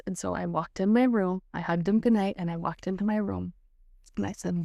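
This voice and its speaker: A middle-aged woman sharing a personal faith testimony as a guest, telling it in an earnest, animated way with many "like"s. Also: mid-range voice, brisk, creaky, dry recording, clean studio sound.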